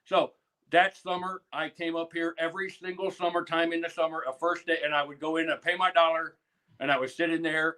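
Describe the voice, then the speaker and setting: A man's voice: on the high side, level tone, a little fast, sharp tone, clean tone, low-quality recording. Mock-earnest male guest. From Midwestern United States. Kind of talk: playful live-stream chat in character.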